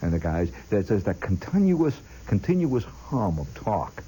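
Husky low-voiced male storyteller. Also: very animated, measured pace, warm tone, rough recording. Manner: chatty, addresses the listener directly; imitates sounds with his voice. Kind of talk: spoken storytelling monologue.

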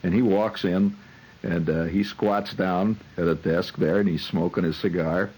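A man's voice: sits low, fairly even intonation, measured pace, darkish tone, slightly rough, low-quality recording. A man who hosts on the radio, telling a rambling, wry comic monologue full of digressions and hesitations. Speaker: radio host.

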